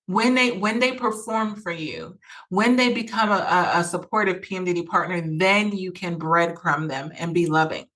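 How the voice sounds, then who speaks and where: A woman's voice: on the low side, normal speed, a bit bright. A woman hosting a podcast, talking earnestly and emphatically, often repeating phrases and acting out quoted thoughts. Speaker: podcast host. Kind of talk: personal advice talk.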